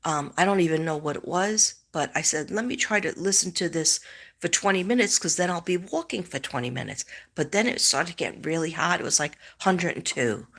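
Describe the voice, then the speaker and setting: A middle-aged woman with a low-set voice talks loosely on a live stream. She rambles, circling back often as she tells her story with animated asides. It is a relaxed, chatty psychic host. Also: fairly quick. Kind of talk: casual live-stream chat.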